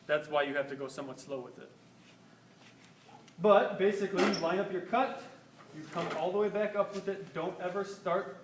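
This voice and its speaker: Filmed from a distance on a camera mic, this young man's voice sits on the high side, with slight background noise and a roomy sound. He is a shop safety instructor casually showing band saw safety in a school workshop, circling the machine as he talks. He speaks informally and leans on "basically" and "rule of thumb" again and again.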